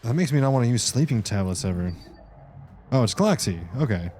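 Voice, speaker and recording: Chill gaming streamer guy, low mellow voice, rambles and talks to chat, faint hum behind. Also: animated, a little fast. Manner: rambling, chats with viewers between plays. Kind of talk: casual live-stream commentary.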